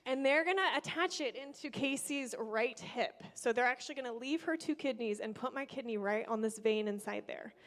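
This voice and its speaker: Young woman, vlogger, excitable storyteller, slightly high voice. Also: moderate pace, hardly any pauses. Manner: excitable, animated, with bursts of praise. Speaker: vlogger and kidney donor. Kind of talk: casual faith-filled storytelling.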